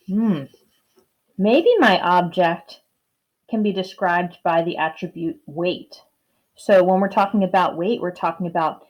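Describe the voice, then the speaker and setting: A woman teaching kindergarten in a video lesson, speaking in a slow, exaggerated, sing-song way to young children. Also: on the low side, darkish tone, low-quality recording.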